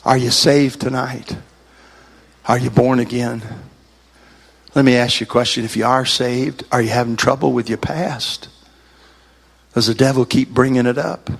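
A man's voice: mid-range voice, fairly even intonation, moderate pace, gravelly, long pauses. Man preaching a folksy story sermon. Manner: folksy storyteller rising to shouted fervor. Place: church service.

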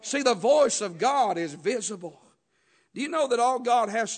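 A man's voice: very high-pitched, lively intonation, moderate pace. A man preaching a sermon, rhythmic and emphatic, studded with "uh" and calls of "Amen?". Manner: rhythmic preaching with frequent "uh" and "Amen?" call-outs, rising to shouts.

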